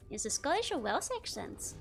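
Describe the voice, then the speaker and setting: A woman's voice: high-pitched, a little hiss or hum. A young woman with a Dutch accent chatting casually while playing a game, laughing often as she answers her chat. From Netherlands. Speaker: streamer.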